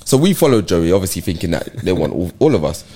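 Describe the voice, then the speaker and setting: A man chats with friends in a low voice. His talk is slangy and casual, with laughter breaking in between lines. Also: sing-song, quick pace, warm tone, husky. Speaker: friend in group chat. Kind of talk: casual chat.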